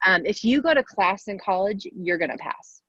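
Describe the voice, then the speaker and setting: A woman in her forties, a guest athlete, answers young players' questions over a video call, speaking straight to the kids in a warm, upbeat, casual, encouraging manner. Her mid-range voice is slightly rough, with lively intonation and a moderate pace. The audio is dull, lo-fi video call sound with no room sound.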